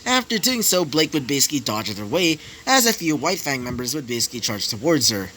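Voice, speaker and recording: A man's voice: mid-range voice, sing-song, fast, bright, forceful tone, a little hiss or hum, poor audio. A man improvising a fan story, rambling with many fillers.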